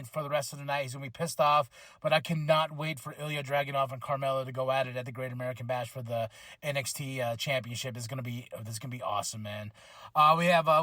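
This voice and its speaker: A man hosting a podcast, recapping a wrestling show in an excitable, rambling way with many restarts. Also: on the high side, no echo. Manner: acts out wrestlers' lines in quick voices. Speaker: podcast host reviewing wrestling.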